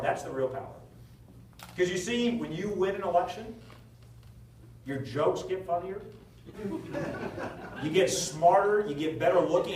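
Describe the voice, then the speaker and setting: A man's voice: a little high, recorded from a distance, background noise. Man telling stories in an echoey hall. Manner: animated storytelling with jokes. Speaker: political candidate at a town hall. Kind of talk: town hall answer with anecdotes. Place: indoor town hall meeting room. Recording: echoey hall recorded from afar.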